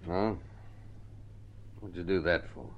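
An actor playing a weary, defeated man in a vintage radio drama, terse and flat-spoken. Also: low-pitched, slow pace, lo-fi sound, a little hiss or hum. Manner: flat and terse, flaring up when stung.

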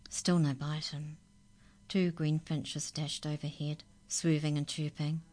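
A woman calmly reading a children's story aloud. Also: low voice, slow.

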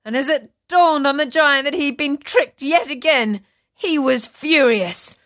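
A woman reading a children's fairy tale aloud in slow, expressive storybook narration. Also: high voice, no room sound, studio quality.

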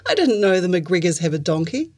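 A woman voicing a prim young farm girl who is frightened and alarmed, speaking in a shrill voice. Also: big pitch swings, fairly quick, darkish tone. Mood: startled.

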